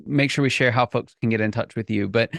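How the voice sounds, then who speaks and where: Male podcast host, gravelly tone, eager reactions, dry close sound. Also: mid-range voice, fairly even intonation, quick pace, a bit bright, dry recording. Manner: enthusiastic reactions, repeated restarts. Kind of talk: interview hosting.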